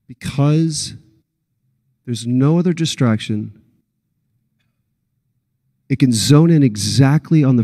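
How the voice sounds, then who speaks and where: A man in his forties, a voice actor telling animated stories at a convention panel and acting out the quotes. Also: medium pitch. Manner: animated storyteller, acts out quotes. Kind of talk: anecdotal panel talk.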